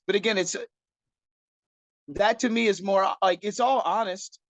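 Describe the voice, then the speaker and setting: Casual podcast co-host: a man with a high voice, blunt and profane, recorded dry and close. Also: steady tone, measured pace, fairly bright tone, no echo. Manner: blunt, profane, restarts often. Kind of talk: casual chat.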